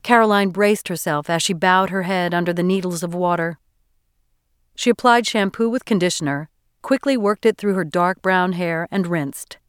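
A woman narrating an audiobook chapter in a measured, even storytelling delivery. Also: on the low side, clear, resonant tone, dry recording, studio quality. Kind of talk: scripted narration.

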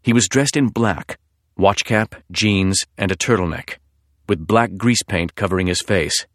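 Low-voiced man narrating a thriller. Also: a little slow, a bit bright, no echo, studio quality.

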